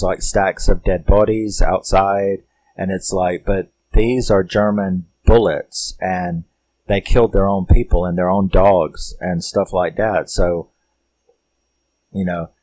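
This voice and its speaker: A man's voice: sits low, darkish tone, low-quality recording. A man casually recapping a horror movie, rambling and swearing as he tells the story. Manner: rambling, profane, laid-back storytelling. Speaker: film reviewer.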